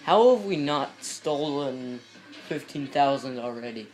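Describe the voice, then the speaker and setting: A man's voice: medium pitch, lively intonation, a little slow, darkish tone. A man giving casual gameplay commentary, rambling and breaking off mid-sentence to chat with viewers. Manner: rambling, self-interrupting, chatty asides to viewers. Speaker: video game commentator.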